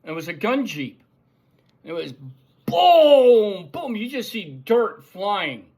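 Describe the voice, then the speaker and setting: A middle-aged man tells an old army story in a casual, animated way, with a voice that sits a bit high for a man. He acts out the gunfire with his own boom and pop sounds, and he shouts out the lines of the people in the story. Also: slow pace. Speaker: show host telling a story.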